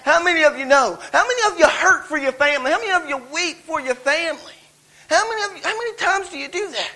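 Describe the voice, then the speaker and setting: A man's voice: very high voice, expressive, brisk, pushed and bright, rough recording. A man preaching as a guest in a church, driving his points with repeated rhetorical questions and calls of "come on". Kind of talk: sermon.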